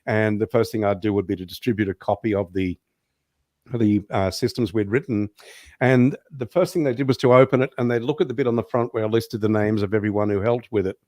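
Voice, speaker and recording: A man with a low voice speaks as the guest on an online talk show. He explains steadily and lets his sentences trail off quietly. The sound is dry and close. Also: steady tone, a little fast, dry recording. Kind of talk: casual online show interview.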